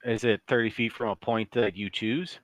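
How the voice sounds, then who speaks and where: A man's voice: fairly low pitch, fairly even intonation, moderate pace, no room sound. A man running a tabletop game as dungeon master, joking and teasing his players.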